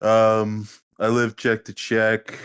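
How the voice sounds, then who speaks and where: A man co-hosting a podcast in casual chat, joking in a dry, deadpan way. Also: lowish voice, takes it slowly, smooth. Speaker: podcast co-host.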